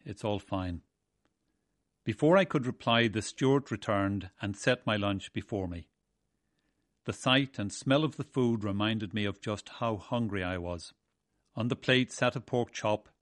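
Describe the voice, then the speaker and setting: A man from Ireland, narrating a memoir of his seafaring days in a measured, wry way. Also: mid-range voice, no echo, studio quality. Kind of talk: first-person storytelling.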